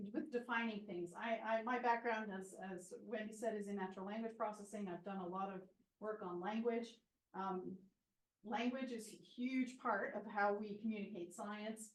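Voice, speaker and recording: A woman giving a conversational seminar talk without a microphone, thoughtful and full of ums and restarts. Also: medium pitch. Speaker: seminar speaker. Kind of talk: conversational presentation. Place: seminar room. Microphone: no microphone, room pickup. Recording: roomy hall sound.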